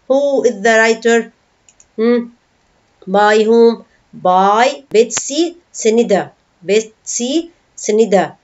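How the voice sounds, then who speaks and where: A woman's voice: on the high side, lo-fi sound. A woman teaching an online English lesson, patiently explaining words, asking the class questions and sounding out syllables. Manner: breaks words into syllables slowly.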